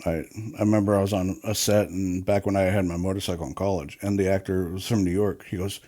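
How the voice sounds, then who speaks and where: Man, ex-film crew, slightly low voice, casual profane raconteur. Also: level tone, fast talker, warm tone. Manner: swearing, rambling storyteller. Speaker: former film crew worker. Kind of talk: casual podcast chat.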